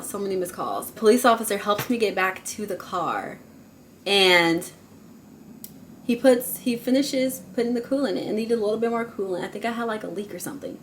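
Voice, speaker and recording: A woman telling a personal story in a casual storytime vlog, chatty and dramatic, calling the viewers y'all and swinging between loud and hushed. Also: mid-range voice, slight background noise. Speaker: vlogger.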